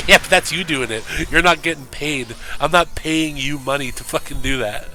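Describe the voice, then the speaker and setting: A bright-voiced male streamer rambling and cursing through casual chat while he plays. His tone is forceful and loose, full of jokes and asides. Faint music plays underneath. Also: mid-range voice, moderate pace. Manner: profane, joking, rambling. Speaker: game streamer.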